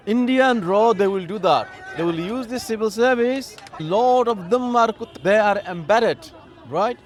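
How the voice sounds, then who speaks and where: A man from Bangladesh, a political commentator, speaking outdoors in a heated, emphatic monologue full of rhetorical questions. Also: a little high. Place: outdoors in a city.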